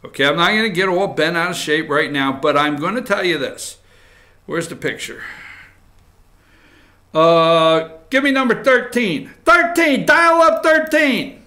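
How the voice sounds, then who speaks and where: A man hosting casual political commentary, animated and mocking, muttering asides between loud points. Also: a little high, unhurried, pauses often. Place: studio.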